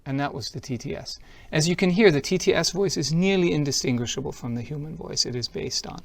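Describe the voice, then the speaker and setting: A man's voice: on the high side, quick pace, gravelly, no room sound. A man giving a product demo talk at a tech conference. He is upbeat and explains each step as he shows it. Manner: upbeat, explanatory, walks through steps as he shows them.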